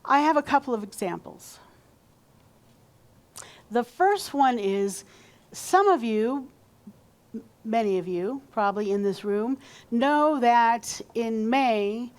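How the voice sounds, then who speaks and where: Woman pastor, slow and chatty sermon delivery in a church, voice a touch high. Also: expressive. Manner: warm conversational preaching, leads call-and-response. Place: church sanctuary.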